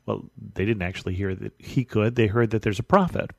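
A man reading a Bible passage aloud, then explaining it in a relaxed, conversational way as a study teacher. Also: lowish voice, brisk, vocal fry, no echo, clean studio sound. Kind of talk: scripture reading and teaching commentary.

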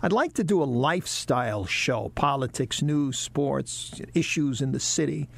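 A man telling lively stories about his broadcasting career in a casual interview, acting out the people he quotes. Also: medium pitch, measured pace, creaky. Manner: animated storyteller, acts out quoted bosses. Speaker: broadcaster guest.

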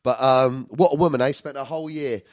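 A man hosting his own podcast, talking in a crude, loud, jokey way that keeps breaking into laughter and shouts. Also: mid-range voice, fairly quick, no room sound. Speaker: podcast host. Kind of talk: comedic solo podcast chat.

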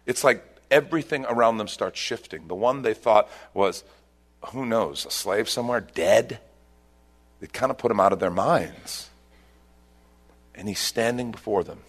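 A man preaching a sermon, retelling a scripture story and leaping up in pitch at its dramatic turns. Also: measured pace. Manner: animated storytelling, voice rising sharply at dramatic points. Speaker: pastor.

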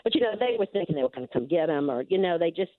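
A woman's voice: on the low side, expressive, rapid-fire, no room sound. An older woman calling in to a radio show, telling a long story with many restarts and asides. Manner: rambling, restarts often, lots of "you know". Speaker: caller, neighborhood security district official. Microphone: telephone. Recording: tinny phone line.

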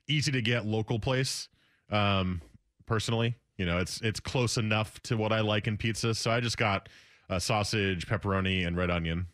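Young guy radio host chatting away, lowish voice, dry close sound. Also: fairly bright tone, dry recording. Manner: chatty, rambling with restarts. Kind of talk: casual chat.

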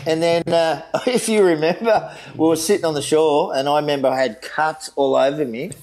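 A middle-aged Australian man with a gravelly, fry-laden voice recounts an old beach rescue to a mate. He talks loosely, with plenty of laughs, "mate" and the odd curse. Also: a little high, steady tone, normal speed, a little mellow, rough recording. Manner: laughing, swearing, mate-heavy yarn-telling. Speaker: guest lifeguard. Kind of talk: casual storytelling chat.

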